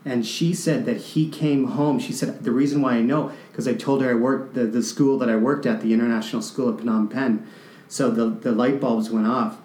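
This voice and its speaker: A Canadian man tells a deeply personal story, halting and restarting as emotion breaks through. His pitch is mid-range, his intonation fairly even, and his voice a little mellow, all captured in a noticeably echoey room.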